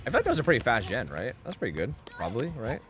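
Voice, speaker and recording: A man streaming a game live and chatting with viewers, excitable and profane, swinging between loud pleading and low mumbling. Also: very fast, music in the background. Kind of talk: live gaming commentary with chat.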